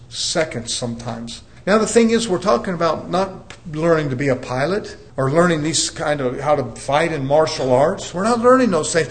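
Emphatic man preaching a sermon. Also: sits high. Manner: emphatic, conversational preaching with repetition.

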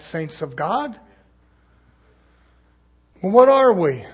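A man's voice: fairly high pitch, big pitch swings, takes it slowly, long pauses, slightly rough. A man preaching a sermon at a church service, throwing fervent rhetorical questions to the congregation.

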